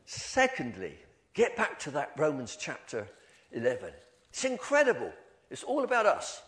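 An older man giving an informal, animated church talk, telling stories about himself with many restarts. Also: fairly high pitch, normal speed. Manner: animated storytelling, self-deprecating, many restarts. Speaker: lay preacher.

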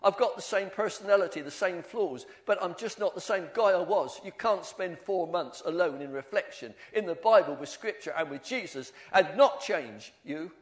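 A middle-aged male pastor preaching a sermon in an earnest, halting way, often restarting his words. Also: high-pitched, expressive.

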